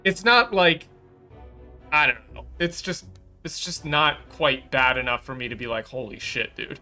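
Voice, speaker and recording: A man co-hosting a casual stream, talking over a game's translation with quick, animated interjections. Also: on the high side, soft background music. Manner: animated, quick interjections, reads lines in Japanese. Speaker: co-host reviewing a game translation. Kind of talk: casual chat.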